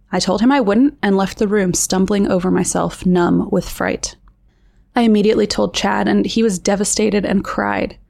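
A woman in her thirties reading a personal true story aloud, measured and slowing at the tense moments. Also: mid-range voice, vocal fry, a little mellow. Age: 30s. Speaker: narrator.

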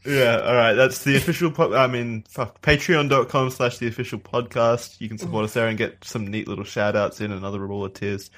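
A man's voice: medium pitch, fairly even intonation, brisk, few pauses, fairly bright tone, no room sound. A man co-hosting a podcast, reading listener messages aloud in a laid-back way. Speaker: podcast co-host.

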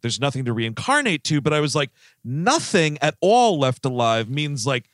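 A man co-hosting a casual movie review podcast, animated and swearing freely. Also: a little high, normal speed, no echo, studio quality. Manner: animated, swearing, laughing often. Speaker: podcast co-host.

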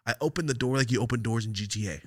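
A man hosting a podcast, telling a story in casual chat, animated and profane with loud outbursts. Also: mid-range voice, racing, dry recording. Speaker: podcast host.

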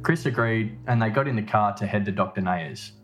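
A man reading a scripted narration in a measured, matter-of-fact way. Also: fairly low pitch, soft background music. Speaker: podcast narrator.

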